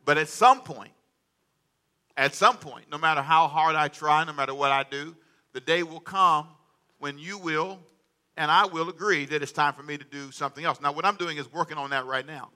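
A man's voice: a little high, moderate pace, sharp tone. A middle-aged man preaching a sermon as pastor, calling on the congregation to read along and answer back. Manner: call-and-response preaching, asks congregation to read aloud.

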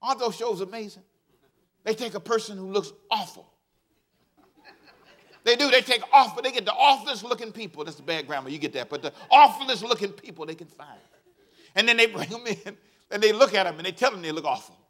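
This male pastor's voice sits high and moves fairly quickly through an energetic sermon. He performs quotes from people and leads his congregation in call-and-response.

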